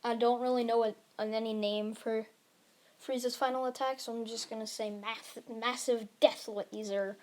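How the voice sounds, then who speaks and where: A woman's voice: fairly high pitch, fairly even intonation, normal speed, a little mellow. A woman narrating an improvised fan-fiction story, rambling along with frequent restarts. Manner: rambling, with many restarts and fillers.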